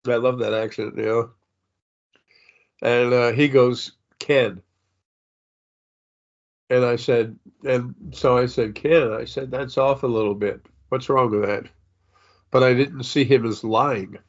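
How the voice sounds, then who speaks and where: A man's voice: medium pitch, fairly even intonation, a little slow, muffled recording. An older man who sniffles, talking through a rambling spiritual monologue as a psychic medium, full of fillers and restarts. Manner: meandering, many fillers and restarts.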